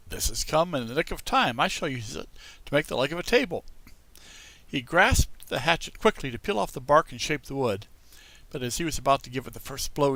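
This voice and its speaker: A man narrating a classic children's story in an expressive storybook style, talking to young listeners. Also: a little high, dry recording. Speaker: audiobook reader.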